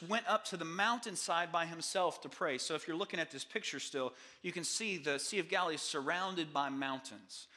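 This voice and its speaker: A male pastor preaching a sermon, retelling a Bible story with animated asides and acted-out voices. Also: fairly high pitch. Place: church sanctuary.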